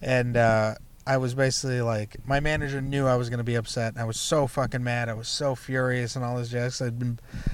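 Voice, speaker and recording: A man's voice: mid-range voice, little pitch movement, brisk, clear, resonant tone. A young man, a stand-up comedian, telling a loose, profane story from his past in a casual chat, full of fillers like "you know" and "like". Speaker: comedian guest.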